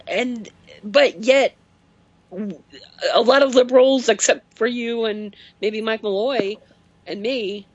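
A man calling in to a radio show, talking in a halting, self-deprecating way. His voice sits fairly high for a man. It comes through with the dull, muffled sound of a phone line. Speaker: caller. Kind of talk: call-in radio chat.

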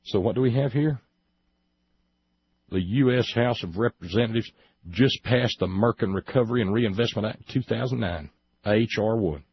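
A man hosting a political talk show, sarcastic and emphatic, slowing down to stress his points. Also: fairly low pitch, slightly rough, no echo, lo-fi sound. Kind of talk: opinionated political commentary.

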